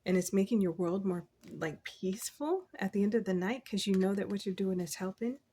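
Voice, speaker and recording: A woman giving a casual, encouraging tarot reading, chatty and quick to laugh, quoting scripture as she talks. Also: medium pitch, mellow, slight background noise. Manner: quotes scripture. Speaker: tarot reader.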